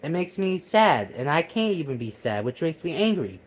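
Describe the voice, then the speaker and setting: A man rants in a comic monologue, his voice sitting a little higher than usual. He curses freely and lurches from loud outbursts to low, sullen mutters. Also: big pitch swings, moderate pace. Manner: profane, heated, swinging between loud outbursts and low mutters. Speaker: vlogger. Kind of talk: comedic ranting monologue.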